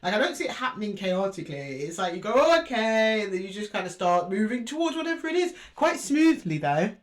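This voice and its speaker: A woman reads tarot cards aloud in a relaxed, chatty way, thinking out loud as she turns each card. She talks to her listeners with easy fondness, at a middling pitch for a woman. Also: fast talker. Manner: chatty, musing aloud, addresses listeners fondly. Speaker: tarot reader. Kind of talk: intuitive tarot reading to camera.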